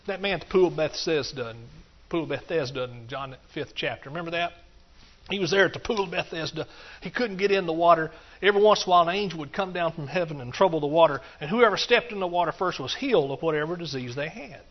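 A man's voice: fairly high pitch, quick pace. A man preaching a sermon, repeating phrases in a rhythmic build and dropping in hallelujahs. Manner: rhythmic, repetitive, punctuated with hallelujahs. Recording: dull, muffled recording.

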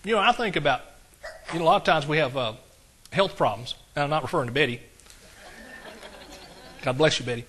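A man with a drawl delivers a sermon in a folksy, conversational way, often turning to his congregation with quick asides. His voice is bright and sits slightly high. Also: lively intonation, slight background noise. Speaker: pastor.

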